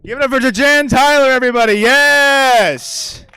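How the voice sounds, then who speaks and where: Bright, campy male comedy host. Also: very high-pitched, normal speed, clear, resonant tone, no room sound. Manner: campy, playful self-praise. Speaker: show host. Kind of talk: closing remarks on stage. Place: comedy theater stage.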